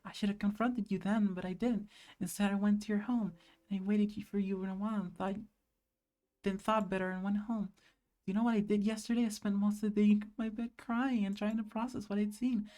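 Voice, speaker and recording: Woman reading angry schoolgirl, blunt, cussing, average pitch. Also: warm tone, natural voice. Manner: blunt, swearing. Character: angry teenage schoolgirl, hurt and blunt best friend.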